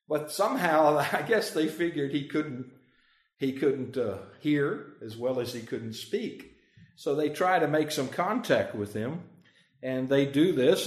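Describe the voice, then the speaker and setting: A man teaching a Bible class in an echoey room, at a middle pitch. He leans hard on key phrases, slows right down to drive them home, and chuckles as he quizzes his listeners. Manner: chuckles often, asks the group questions. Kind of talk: interactive Bible study teaching.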